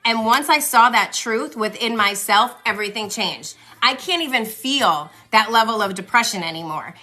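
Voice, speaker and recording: A woman's voice: on the high side, normal speed, hardly any pauses, pushed and bright. A woman in her forties giving chatty, reassuring tarot readings on a live stream, speaking to viewers by name. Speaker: tarot reader. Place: home, livestream. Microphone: phone.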